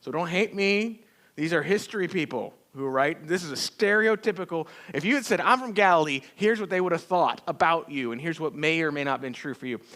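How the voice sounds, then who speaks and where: A man preaching a sermon as pastor, telling stories in a folksy, animated way with acted-out quotes. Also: fairly high pitch, a little fast. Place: church sanctuary.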